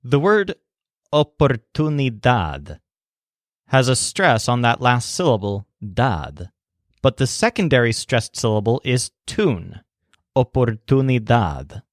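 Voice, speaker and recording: A man teaching a language lesson in scripted narration, slowing down to spell out foreign words and their stresses. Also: medium pitch, fairly bright tone, no echo, clean studio sound.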